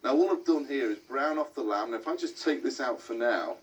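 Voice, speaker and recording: A man's voice: medium pitch, fairly quick. A man hosting a cooking show, explaining each step in a chatty way as he cooks. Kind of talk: cooking demonstration. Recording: distant mic with background music.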